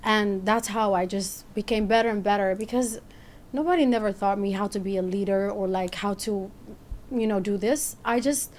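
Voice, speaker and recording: A woman guest in a podcast interview, telling stories from her career in a lively, casual way and acting out the people she quotes. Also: mid-range voice, moderate pace. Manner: animated, acts out quoted voices.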